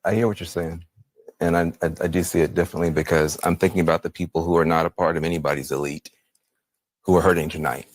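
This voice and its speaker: A man with a very low voice giving earnest TV commentary, measured and heartfelt. The sound is dry and close, with no room echo. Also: fairly even intonation. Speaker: TV political commentator. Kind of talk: solemn broadcast commentary.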